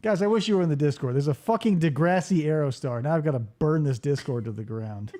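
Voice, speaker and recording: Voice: medium pitch, quick pace, warm tone. A radio show host joking around in casual, profane banter, swearing freely and roasting what's on screen.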